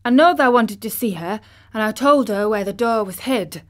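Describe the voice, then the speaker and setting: Eager country boy, high and loud, voiced by a woman. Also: moderate pace, close to an everyday voice. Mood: excited. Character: excited country boy with Yorkshire speech.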